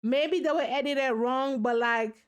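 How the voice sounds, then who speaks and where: A woman's voice: sits high, measured pace, smooth. A woman hosting a reaction video, giving sassy, slangy commentary on a reality show and talking straight to her viewers.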